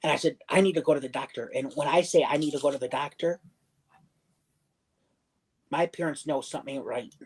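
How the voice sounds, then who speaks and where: A man's voice: fairly high pitch, a little fast, pauses often, a little mellow, breathy edge, rough recording. Man telling a rambling personal story. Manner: rambling, circles back and restarts sentences; acts out other people's lines in the story. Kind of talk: casual storytelling on a livestream.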